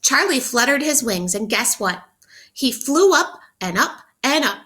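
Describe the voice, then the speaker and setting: A woman teacher reading a picture book aloud to children, expressively, pausing to ask them questions. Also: sits high, sing-song, sharp tone, slight background noise. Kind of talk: interactive read-aloud for children.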